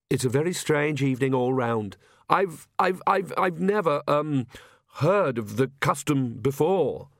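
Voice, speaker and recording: A man's voice: fairly high pitch, no room sound, studio quality, voice pushed up. A man doing a stammering nervous young priest. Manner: stammering, apologetic, hesitant.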